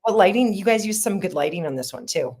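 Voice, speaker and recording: A woman's voice: medium pitch, expressive, fast talker, a little mellow. A middle-aged woman in casual chat about making her sketch comedy, chatty and rambling. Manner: chatty, rambling, laughs often. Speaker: sketch comedy creator and lead actor. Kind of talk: casual behind-the-scenes chat.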